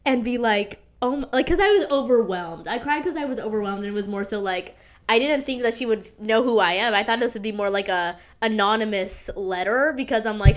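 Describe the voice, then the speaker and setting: Dramatic and gossipy, this young podcast host chats her way through a story at an ordinary pace, her voice pitched fairly high. "Like" and curse words fill her speech, and the animated telling often dissolves into laughs and squeals.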